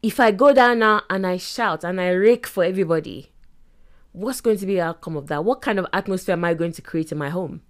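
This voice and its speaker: A woman's voice: on the low side, brisk. A middle-aged woman hosting a self-help podcast, talking animatedly and acting out little quoted scenes with laughs. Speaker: podcast host.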